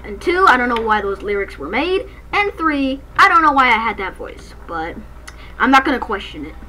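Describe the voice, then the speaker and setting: A woman's voice on the high side comes through background noise at normal speed as she hosts her gaming channel from a dark room at night. Her let's-play commentary is excitable and full of jokes, punctuated by snatches of singing.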